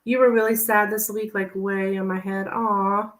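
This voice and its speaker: A woman's voice: mid-range voice, level tone, normal speed. A woman giving a live tarot reading, chatting with viewers and thinking aloud with lots of "like.". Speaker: tarot reader.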